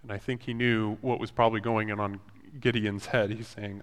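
A man's voice: fairly low pitch, level tone, normal speed, few pauses, clear, resonant tone. A man giving a casual Bible lesson, retelling scripture in his own words with frequent restarts and a conversational manner. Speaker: Bible teacher. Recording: long hall reverb.

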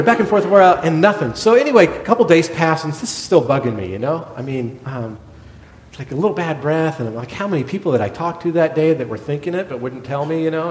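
Animated storytelling pastor in an echoey hall. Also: male voice. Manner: animated storyteller, acts out other people's lines. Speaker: pastor, former hospital chaplain. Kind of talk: sermon storytelling. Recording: echoey hall with a faint rumble.

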